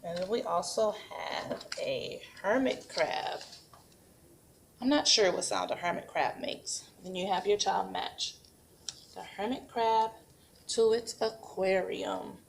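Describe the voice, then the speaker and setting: A patient woman teacher walks through a toddler craft at home in a slow, encouraging voice. Her voice has a gravelly edge, and a faint hum of noise sits behind it. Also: medium pitch. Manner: patient, slow and encouraging, models sing-song animal sounds for toddlers. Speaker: preschool teacher. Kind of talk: craft demonstration and parenting tips.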